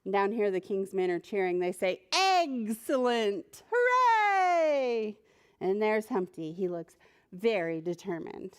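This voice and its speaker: A children's librarian reading a picture book aloud to preschoolers, animated and asking the children questions. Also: female voice, lowish voice, moderate pace, clean tone.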